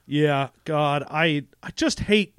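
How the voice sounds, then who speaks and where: A man's voice: on the high side, slow, a bit bright, smooth, no echo, studio quality. A man co-hosting a casual podcast, commenting on a movie with wry exasperation and casual swearing. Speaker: podcast co-host.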